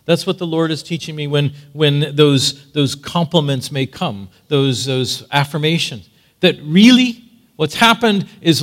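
Animated preacher with a lively voice. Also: male voice, fairly high pitch, unhurried. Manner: animated storytelling, dramatic swings. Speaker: pastor. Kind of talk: sermon.

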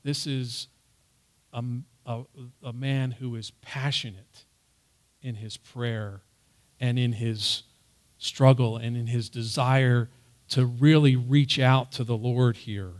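A man's voice: medium pitch, steady tone, slow pace. A man teaching a Bible passage in an earnest sermon style, raising his voice on the quoted words. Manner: earnest, loud on emphasized quotes.

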